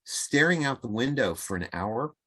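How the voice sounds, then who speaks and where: A man talking as a guest on a podcast, his pitch in an everyday middle range. He is animated, laughs easily and slips into quoted voices as he explains his ideas. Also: moderate pace, slightly rough. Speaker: podcast guest, communication coach and author. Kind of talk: conversational interview.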